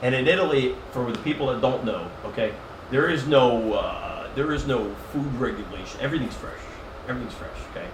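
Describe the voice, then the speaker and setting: A fast-talking, medium-pitched man appears as a podcast guest, telling rowdy stories in a casual chat. He's animated, profane and comic, acting out the quotes. The podcast mic sounds roomy, distant and noisy.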